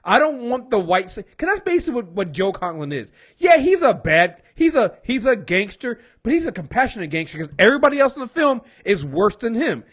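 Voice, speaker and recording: A man's voice: high-pitched, very animated, quick pace, few pauses, a bit bright. A man co-hosting a casual film review podcast, blunt and passionate, repeating words as he gets fired up, and he has been drinking.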